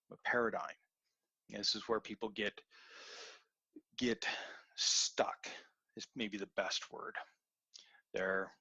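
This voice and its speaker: Husky, bright-toned man coaching in a webinar. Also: lowish voice, no room sound, muffled recording. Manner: earnest, repetitive coaching. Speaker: webinar presenter. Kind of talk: motivational webinar talk.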